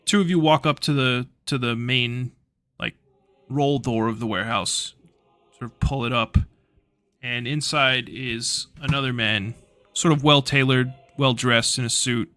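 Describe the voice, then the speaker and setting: A man's voice: mid-range voice, steady tone, measured pace, bright, forceful tone, dry recording. A man narrating a tabletop game as game master in a casual, loose way with frequent swearing. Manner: casual, swearing, hesitant fillers.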